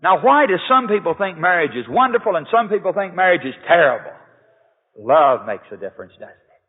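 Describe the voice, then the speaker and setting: A man's voice: high-pitched, sing-song, a little fast, breathy edge. A man preaching a sermon as a pastor, talking earnestly and conversationally and often putting rhetorical questions to his listeners. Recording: echoey hall over a tinny lo-fi line.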